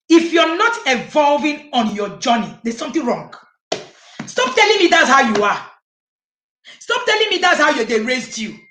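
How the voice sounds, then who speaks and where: A woman's voice: sits high, a bit bright, reverberant. A woman parent coach from Nigeria giving an emphatic conference talk, repeating her key phrases for effect. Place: conference hall.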